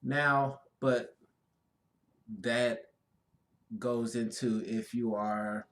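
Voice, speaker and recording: A man co-hosting a casual spiritual talk, speaking in an easygoing, drawn-out way with frequent affirmations. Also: mid-range voice, fairly even intonation, fairly bright tone. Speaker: co-host.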